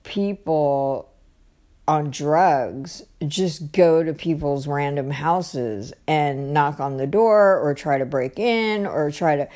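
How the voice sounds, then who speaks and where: A woman's voice: on the low side, a little mellow. A woman vlogger telling a story in a casual, rambling way, full of fillers and exasperated asides. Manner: rambling, many fillers and restarts.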